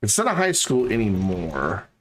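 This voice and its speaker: A man's voice: fairly low pitch, wildly swooping pitch, normal speed. A man streaming a game, chatting casually and rambling to his viewers. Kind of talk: casual live-stream chat.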